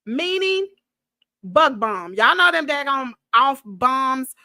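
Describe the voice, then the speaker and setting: Sitting high and slow, a woman's voice comes through with no room sound as she gossips animatedly on her casual livestream. She tells the story Southern-style from her home's downstairs office, in front of a green screen, coughing from bug spray fumes.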